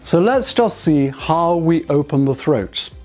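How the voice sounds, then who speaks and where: Male voice teacher, slightly high voice, measured demonstrative delivery, faint music underneath. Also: lively intonation, a little mellow. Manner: measured, demonstrative, guiding through exercises. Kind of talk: instructional talk to camera.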